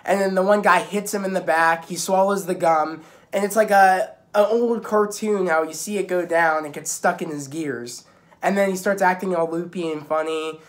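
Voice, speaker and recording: A man's voice: high-pitched, normal speed. A young man giving a casual spoken recap of a TV episode, rambling with many restarts and filler words. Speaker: video reviewer.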